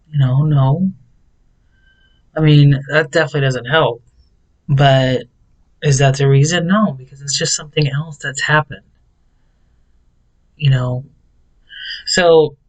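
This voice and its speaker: A man's voice: medium pitch, low-quality recording. A man vlogging a personal confessional monologue, rambling and repeating words in bursts. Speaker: self-help vlogger.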